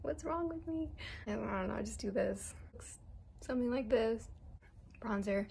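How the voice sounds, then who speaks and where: A woman's voice: mid-range voice, vocal fry, a little mellow, a little hiss or hum. A young woman in her twenties chatting nervously and self-deprecatingly while doing her makeup for a casual vlog. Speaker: model doing a makeup tutorial. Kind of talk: casual rambling vlog chat.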